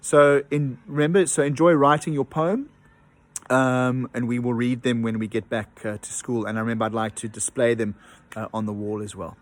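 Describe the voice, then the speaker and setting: A man's voice: medium pitch, level tone, normal speed. A man teaching an online lesson from home, explaining patiently with many ums and uhs and tapping out rhythms aloud. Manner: hesitant with frequent ums and uhs.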